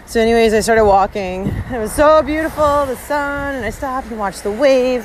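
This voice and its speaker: A woman's voice: on the high side, normal speed, few pauses. A woman podcast host walking along a village road outdoors, giving an emphatic, heavily profane reflective monologue. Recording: windy outdoor recording with background noise. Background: wind and outdoor ambience.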